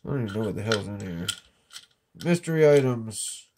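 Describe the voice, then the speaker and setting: A man's voice: on the low side, expressive, brisk, background noise. A man with a cold, showing off his finds in a laid-back, joking, slightly rambling way. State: has a cold, clearing throat. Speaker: metal detecting vlogger. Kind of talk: casual show-and-tell. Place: indoors in an office.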